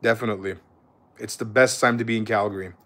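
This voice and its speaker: A man's voice: on the low side, steady tone, quick pace, a bit bright. A young man chatting casually on a live stream, laid-back and swearing freely, calling viewers bro.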